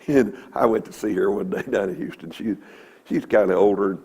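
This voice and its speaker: A man's voice: fairly low pitch, moderate pace, a little mellow, husky. A man giving a folksy, emphatic Bible lesson in a church, quoting scripture. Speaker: Bible teacher.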